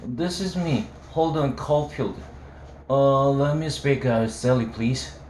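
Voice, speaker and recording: A man voicing a drunk teenage boy who yells on the phone, slurring, loud and repeating himself. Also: on the high side, normal speed, a little hiss or hum, pitched above the performer's own voice, natural voice. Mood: drunk, pushy. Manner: slurred, loud, repetitive pleading. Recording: roomy room echo.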